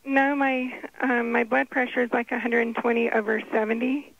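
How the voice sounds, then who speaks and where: A woman's voice: fairly high pitch, level tone, moderate pace, creaky, crowd noise. A woman calling in to a radio show, hesitant and full of ums, her voice strained and weak. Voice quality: strained, weakened voice. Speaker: caller. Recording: phone line.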